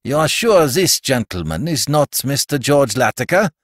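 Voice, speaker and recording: A man's voice: medium pitch, sing-song, moderate pace, no echo, studio quality, voice pushed up. A man voicing a stiff, ceremonious German count with a German accent. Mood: anxious. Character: stiff, formal German count, a prince's aide.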